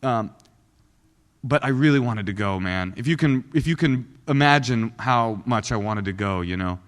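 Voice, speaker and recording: A man's voice: mid-range voice, lively intonation, normal speed. A man in his forties from Oakland, California, telling his recovery story to a meeting in a self-deprecating, joking way. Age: 40s. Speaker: guest speaker at a recovery meeting. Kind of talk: personal recovery talk to a live audience. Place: meeting hall. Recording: long hall reverb.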